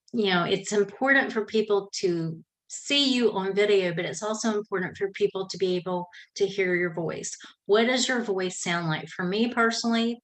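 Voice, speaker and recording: A woman's voice: mid-range voice, fairly bright tone, poor audio. A middle-aged woman from South Georgia with a Southern drawl, giving casual, folksy podcasting tips from her home office. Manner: chatty, self-correcting, folksy. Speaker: podcasting coach. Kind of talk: casual how-to talk. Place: home office with a fan running.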